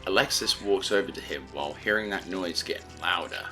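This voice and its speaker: A man with a low, deep voice narrating a fan audiobook, telling the story in a steady, earnest way. Clear music plays behind him throughout. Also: brisk.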